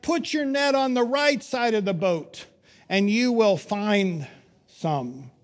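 A man doing a calm voice from the shore. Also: high voice, slow pace, big-room sound. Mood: instructive.

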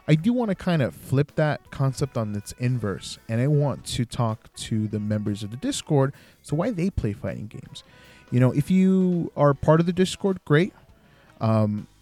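A man's voice: mid-range voice, dark tone. A young man hosting a podcast who talks in a friendly, rambling way with many fillers as he interviews his guest. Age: young adult. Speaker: podcast host. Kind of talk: casual podcast talk and interview.

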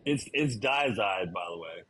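A man co-hosting a podcast, calmly explaining his side in casual chat. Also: lowish voice, a little slow, slightly rough, rough recording. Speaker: podcast co-host, coach.

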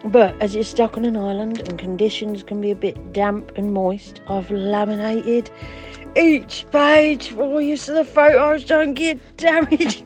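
A podcast regular recording a chatty, jokey message, excitable and playful as he talks. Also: high voice, unhurried, soft background music.

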